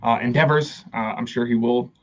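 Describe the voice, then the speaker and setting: A man's voice: medium pitch, steady tone, fairly quick, muffled recording. A man hosting a podcast in casual chat, rambling and swearing, with lots of restarts. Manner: rambling, profane, many restarts. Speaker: podcast host.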